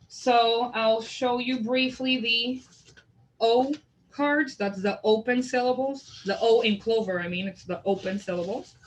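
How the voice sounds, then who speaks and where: A woman training teachers in a literacy method, explaining it and sounding out example words slowly and deliberately. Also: a little high, steady tone, lo-fi sound, slight background noise. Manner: slow, deliberate word modeling. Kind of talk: instructional demonstration.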